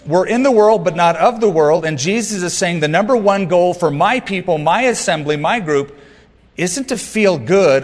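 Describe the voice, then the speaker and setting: A man's voice: a little high, in a large hall. A man preaching a sermon as pastor, earnest and emphatic, with light humorous asides.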